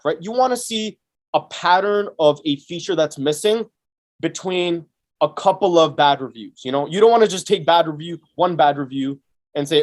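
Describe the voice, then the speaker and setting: A man's voice: a little high, animated, normal speed. A man, a guest on a business podcast, explaining his method step by step in casual talk, full of "right?" and "you know". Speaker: guest, Amazon seller.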